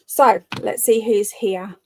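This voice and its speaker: A woman's voice: medium pitch, fairly even intonation, slow, dark tone, slight background noise. A woman hosting a live reading sprint, chatting casually and greeting commenters by name, often laughing. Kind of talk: casual live-stream chat.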